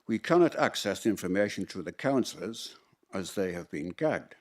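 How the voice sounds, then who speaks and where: A man's voice: on the low side, very animated, moderate pace. A man from the public putting pointed, insistent questions to a council during question time. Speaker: member of the public asking questions.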